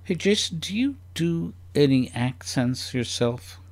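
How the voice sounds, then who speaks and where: A man's voice: fairly high pitch, animated, unhurried. A man chatting as a guest on a comedy podcast, rambling and curious, firing off playful questions. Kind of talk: casual podcast chat.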